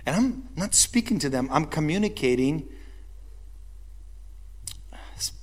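High-voiced man preaching an animated sermon. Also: unhurried. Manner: animated storytelling, asks the congregation questions. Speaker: pastor.

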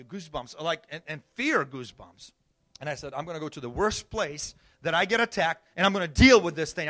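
Male pastor, high bright voice, storytelling sermon that dips to a hush and climbs to shouts. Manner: storytelling, swings from hushed to shouting.

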